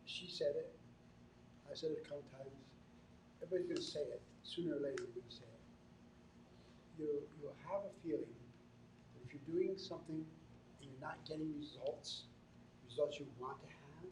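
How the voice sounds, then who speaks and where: A man giving a sermon as a spiritual teacher, earnest and halting, often repeating himself. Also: fairly high pitch. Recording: echoey room from a distant mic, faint noise.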